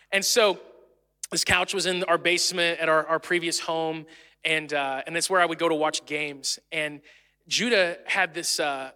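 A man in his thirties preaching a sermon as a pastor, conversational and self-deprecating, with animated storytelling. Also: a little high. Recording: long reverb of a large hall.

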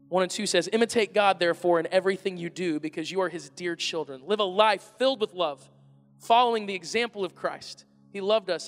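A man in his thirties preaching a casual, animated sermon to a congregation in a large church. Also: sits high. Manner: animated and conversational, shouting at times. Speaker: pastor. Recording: echoey hall with faint music.

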